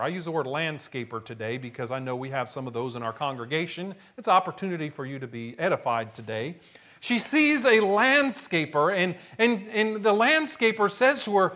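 A man's voice: sits high, very animated, moderate pace, bright, forceful tone. A man preaching a sermon, retelling a story dramatically and acting out the quotes. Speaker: pastor.

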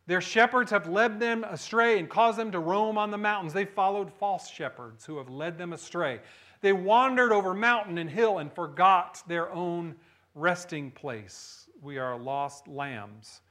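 A man preaching a sermon, animated, swinging from hushed low lines to loud high bursts and often asking the listeners "right?". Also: unhurried. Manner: asks the audience questions, frequent "right?". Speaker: pastor.

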